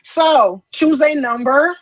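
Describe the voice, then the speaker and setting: A woman's voice: sits high, takes it slowly, no echo, poor audio. A Jamaican woman, a tarot reader, chatting casually on a livestream and slipping into patois phrases. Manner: chatty, switches into patois phrases, laughs often.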